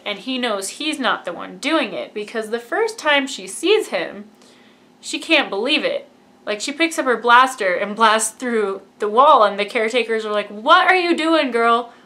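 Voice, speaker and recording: A woman's voice: a little high, bright, forceful tone. A woman giving a casual, gushing fan review of a film and acting out lines from it. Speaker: movie reviewer.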